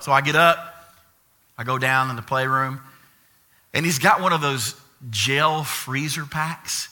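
A pastor with a grandson, preaching a lively sermon and acting out the voices of the people he quotes. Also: mid-range voice, normal speed. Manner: animated storytelling, acts out quoted voices.

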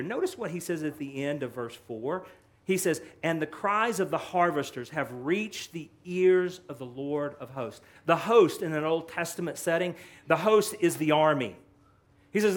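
A male pastor preaching an animated sermon, acting out quotes with rising and falling emphasis. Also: a little high, moderate pace.

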